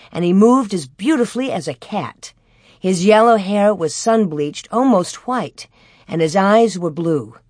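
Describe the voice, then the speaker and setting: A woman reads a children's story aloud in a gentle, steady storytelling manner. Her voice sits at a middle pitch. The recording is dry and close, with no room sound around her. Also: no room sound. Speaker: audiobook reader. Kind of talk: scripted narration.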